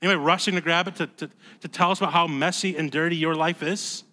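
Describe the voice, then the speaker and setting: A man preaching a sermon as pastor, conversational and emphatic, dropping to a hush and then rising loud, often repeating words. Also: on the high side, fairly even intonation, fast talker. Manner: emphatic, swings from hushed to loud.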